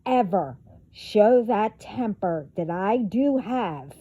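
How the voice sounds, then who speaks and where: A woman's voice: medium pitch, lively intonation, slow, mellow, husky, no echo. A woman vlogger delivering a profane, confrontational rant straight to her viewers. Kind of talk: angry rant to camera.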